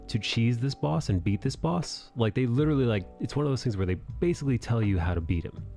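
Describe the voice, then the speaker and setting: A man's voice: fairly low pitch, warm tone. A man hosting a live stream, chatting casually in a laid-back, joking way with plenty of swearing. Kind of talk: casual chat.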